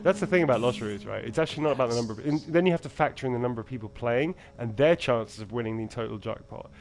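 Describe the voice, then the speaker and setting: A man's voice: medium pitch, very fast, soft background music. A man, chatting casually and jokily with friends while playing a game on a live stream, swearing now and then. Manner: rambling, jokey, swears. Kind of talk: casual chat.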